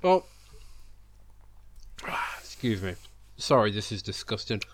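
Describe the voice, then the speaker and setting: A British man co-hosts a casual podcast, rambling and teasing as he eats. His voice sits on the low side, with a sing-song lilt, and he takes his time.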